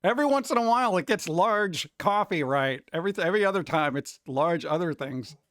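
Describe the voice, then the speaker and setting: Give me a jokey male streamer with a fairly high, smooth voice. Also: lively intonation, a little fast, a bit bright, no room sound, clean studio sound. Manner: rambling, jokey, reacts to chat aloud. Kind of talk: casual live-stream chat.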